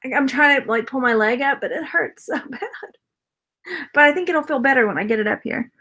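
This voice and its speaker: A woman's voice: sits high, fairly quick, bright, forceful tone. A woman casually chatting through a jewelry unboxing haul as a reseller vlogger, rambling, laughing often and answering viewer comments. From Texas.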